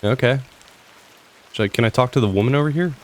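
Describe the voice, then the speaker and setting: A man's voice: mid-range voice, fast, a little hiss or hum. A man casually commenting while playing a game, chatty, playful and wry. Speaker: gameplay host. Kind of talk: casual let's-play commentary. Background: game music and rain.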